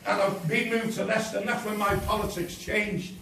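A man's voice: high voice, steady tone, a little fast, vocal fry, fairly bright tone, slight background noise. An older man speaking at a campaign meeting, telling his own story in an impassioned, blunt way. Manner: impassioned, blunt, acts out dialogue. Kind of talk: personal storytelling to an audience. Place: inn function room. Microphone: camera in the audience. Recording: echoey room from far off.

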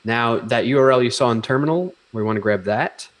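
A man co-hosting a live coding stream, calmly giving instructions with dry jokes. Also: mid-range voice, brisk. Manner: relaxed, dry joking, gives instructions. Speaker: co-host guiding the demo. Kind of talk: casual live coding chat.

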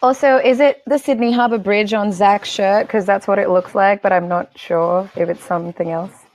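A woman with a medium-pitched voice wonders aloud in a relaxed group call. Her voice sounds close and dry. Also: normal speed, no room sound. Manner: curious, chatty, thinks aloud. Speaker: co-host of a rewatch podcast. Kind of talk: casual group chat.

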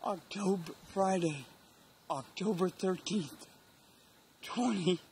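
A middle-aged man, out of breath and emotional, talking in a hushed, halting voice while hunting outdoors in the woods. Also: high voice, vocal fry, slight background noise. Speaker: bow hunter. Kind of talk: hushed hunting vlog commentary.

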